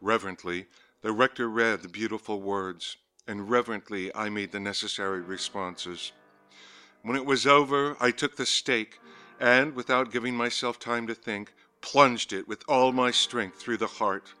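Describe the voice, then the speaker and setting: A man narrating a gothic horror story in a measured, ominous reading style. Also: fairly low pitch, bright, forceful tone, clear, resonant tone. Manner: measured, ominous, lingering on words. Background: faint music.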